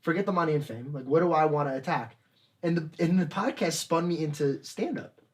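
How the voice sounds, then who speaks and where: A man, a comedian guest on a podcast, telling stories in an animated way and putting on voices for the people in them. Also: a little high, fairly quick. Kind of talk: storytelling podcast chat.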